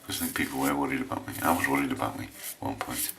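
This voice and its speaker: An English man with a low voice chatting casually while he shaves on camera, rambling and hesitant with lots of restarts. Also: very fast, gravelly, fairly bright tone, slight background noise. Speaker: shaving vlogger.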